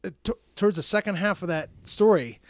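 A man's voice: sits high, brisk, no room sound. A man co-hosting a podcast in casual chat, talking conversationally and often chiming in with agreement. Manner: frequent backchannel agreement, conversational. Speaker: podcast co-host.

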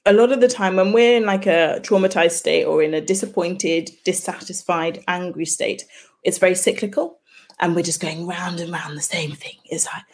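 A woman's voice: lowish voice, normal speed, darkish tone. A woman, a midwife and birth debrief facilitator, talking through her work as a podcast guest in a reflective way, often acting out example conversations. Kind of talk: conversational interview.

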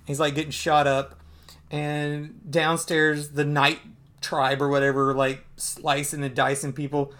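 A man's voice: on the high side, monotone, measured pace, a bit bright. Man rambling through a comic recap. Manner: rambling, laughing recaps with many fillers. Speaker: podcast co-host. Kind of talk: casual comic book review chat.

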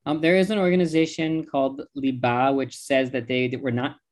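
A man speaks as a guest in an interview, choosing his words carefully and laying out his points one by one. His voice sits at an ordinary middle pitch, and his delivery stays steady and deliberate. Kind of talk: interview answers.

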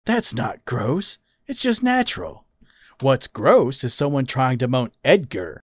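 A man voicing an older male fox father, teasing and mischievous with a slow drawl. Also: mid-range voice, very animated, no echo, clean studio sound. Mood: mocking. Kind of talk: storybook character voice.

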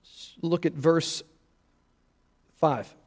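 A man's voice: on the high side, very slow, a little mellow. A pastor preaching an earnest sermon, emphatic and repeating words as he stresses his points. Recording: long hall reverb.

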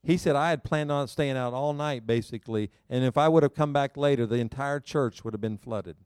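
A male pastor preaching a sermon to a congregation, telling a personal story in an animated, self-mocking way and laughing often. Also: medium pitch, brisk, clear, resonant tone, no room sound, studio quality. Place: church service before a live congregation.

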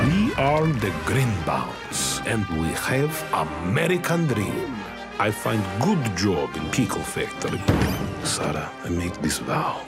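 An actor playing an earnest immigrant ditch digger who speaks broken, formal English in a solemn, deadpan way, heard in a film trailer. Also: male voice, on the low side, full character voice. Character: earnest male immigrant ditch digger, old-world, proud. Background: loud trailer music score.

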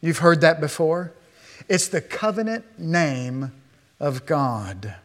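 Emphatic preaching man, higher voice. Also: slow pace. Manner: emphatic preaching, sweeping from hushed to raised. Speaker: pastor. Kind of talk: sermon.

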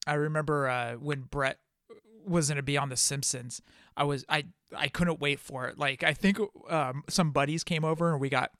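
Podcast host: fairly high man's voice, chatty, laughs a lot, dry close sound. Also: fairly even intonation, normal speed, a bit bright, no room sound. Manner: chatty, laughs often, asks questions. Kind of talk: casual chat.

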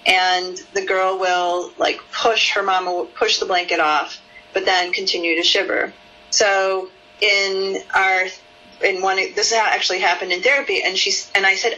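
A woman therapist with a bright, forward tone explains a case in an interview. She often acts out the curious, soothing voice she uses in sessions, lifting it high and lilting. The recording is somewhat dull and lo-fi. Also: unhurried.

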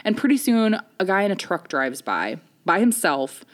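A woman telling a comic story in casual chat, animated and self-mocking, often laughing between lines. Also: mid-range voice, normal speed.

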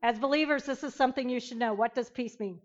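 A woman teaching an interactive Bible lesson, emphatic and animated, questioning her class. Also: a little high, fast, dull audio.

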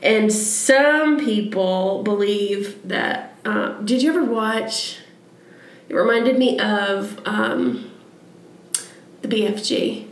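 A woman's voice: mid-range voice, takes it slowly. A young woman co-hosting a podcast, telling folklore in a chatty, giggly way. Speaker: podcast co-host. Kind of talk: casual chat. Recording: roomy echo.

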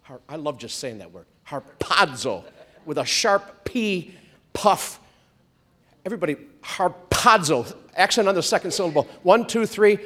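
A man preaching a sermon, stretching out words for emphasis and drawing responses from the congregation. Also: high voice. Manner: animated, drawn-out emphatic preaching with call-and-response. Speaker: pastor.

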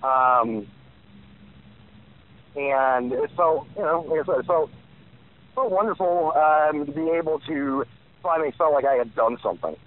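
A man's voice: on the high side, a little slow, pauses often, slight background noise. A man in his forties giving rambling interview answers, full of fillers and restarts. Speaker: guest. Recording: tinny phone line.

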